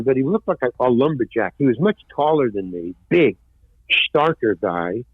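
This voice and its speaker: An older man, a former stand-up comic, telling lively anecdotes in an interview and acting out the voices of people he quotes. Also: medium pitch, husky, no room sound. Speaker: guest, actor and former stand-up comedian. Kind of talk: storytelling interview. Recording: dry, tinny phone-like line.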